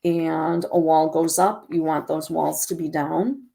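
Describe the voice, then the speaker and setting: Low, gravelly-voiced woman giving a talk. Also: unhurried. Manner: calm, instructive, models empathetic phrases. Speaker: presenter on caregiving. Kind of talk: educational presentation.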